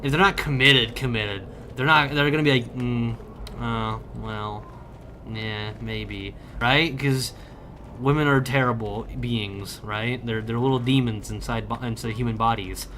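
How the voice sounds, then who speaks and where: A man's voice: mid-range voice, moderate pace, a little hiss or hum. Profane, joking young male streamer. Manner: loud, profane, joking banter with chat. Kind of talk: casual livestream chat while gaming.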